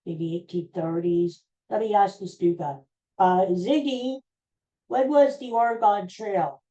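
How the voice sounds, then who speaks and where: A woman's voice: mid-range voice, unhurried, warm tone, poor audio. A woman hosting a podcast, chatting casually and rambling with exclamations. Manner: rambling, exclaiming, talks to herself. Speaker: podcast host. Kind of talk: casual chat.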